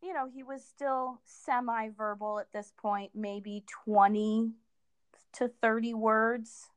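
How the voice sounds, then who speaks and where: Soft-spoken middle-aged woman, halting talk. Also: a little high, fairly even intonation, clear, resonant tone, no echo. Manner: halting, many fillers and restarts. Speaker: guest. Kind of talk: casual conversation.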